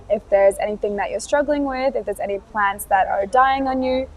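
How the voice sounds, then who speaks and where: A woman hosts a live Q&A stream, welcoming viewers and passing along their questions in a friendly, upbeat way. Her voice sits fairly high, and she uses casual fillers as she talks. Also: darkish tone. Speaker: host.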